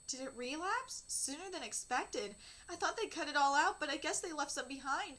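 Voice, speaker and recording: Bright high-voiced woman reading manga aloud. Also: normal speed. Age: 30s. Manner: emotional and candid, reads dialogue flatly between outbursts. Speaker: manga reaction host.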